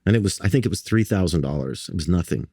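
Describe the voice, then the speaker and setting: A man's voice: low-pitched, lively intonation, fast, mellow, slightly rough, no echo, studio quality. A man from New York and Barbados, a guest artist telling stories in conversation, with many restarts and fillers. He acts out the voices of the people in his stories. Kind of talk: conversational storytelling.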